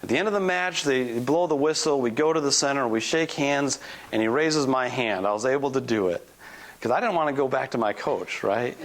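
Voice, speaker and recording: A man in his forties, a guest preacher telling a personal story in a conversational, animated sermon. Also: medium pitch, brisk. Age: 40s.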